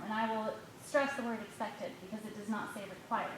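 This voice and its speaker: A woman speaking as a parent during public comment at a school board meeting, reading quickly and pointedly from her notes. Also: medium pitch, fairly even intonation. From United States. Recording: echoey hall with faint noise.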